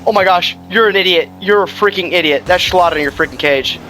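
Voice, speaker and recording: A man streaming ranked gameplay, commenting live and trash-talking with sudden shouts. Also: high-pitched, brisk, slight background noise.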